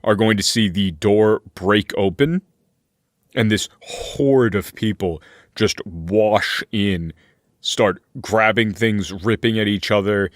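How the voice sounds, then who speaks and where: A man with a lowish voice narrates a tabletop game as its game master. He lays out scenes in an unhurried, deliberate way. The sound is dry and close, with no room behind it. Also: no echo. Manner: slow, deliberate scene-setting.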